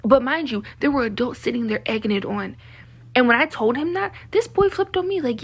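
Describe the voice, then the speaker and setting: Husky young woman ranting. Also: on the high side, lively intonation, fast talker. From Baltimore, Maryland. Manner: heated, profane, venting. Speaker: vlogger. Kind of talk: ranting monologue to camera.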